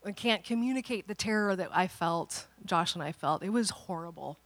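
Animated woman pastor, bright voice. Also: fairly low pitch, moderate pace, big-room sound. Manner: animated, dramatic storytelling with playful asides. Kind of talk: sermon storytelling.

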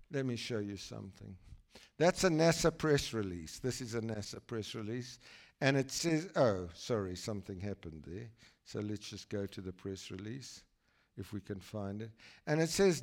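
A man's voice: medium pitch, animated, moderate pace. A man from South Africa giving an enthusiastic, chatty guest talk in church while showing slides. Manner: enthusiastic, exclaiming, chatty asides. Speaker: guest speaker.

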